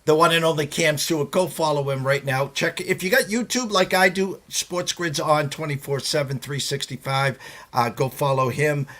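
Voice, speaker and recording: A man's voice: on the high side, steady tone, normal speed, pushed and bright. Friendly male sports podcast host. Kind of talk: casual chat and ad read.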